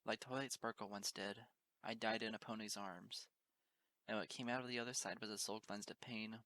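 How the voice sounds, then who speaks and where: A man's voice: fairly low pitch, steady tone, normal speed, bright, forceful tone. A man narrating a fan fiction audiobook in an earnest, emotional first-person reading. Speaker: audiobook reader.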